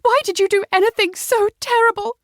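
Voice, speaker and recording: A woman narrator voicing a distraught young woman, high and sobbing, in a dry close recording. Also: fairly even intonation, a little fast, a bit bright, no echo.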